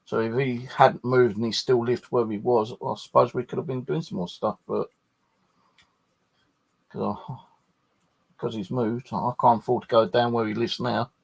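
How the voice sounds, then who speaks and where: A man hosts a paranormal channel in a loose, late-night chat. His voice is gravelly and somewhat husky at a middling pitch, and he rambles from one complaint to the next, swearing freely. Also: little pitch movement, normal speed, long pauses.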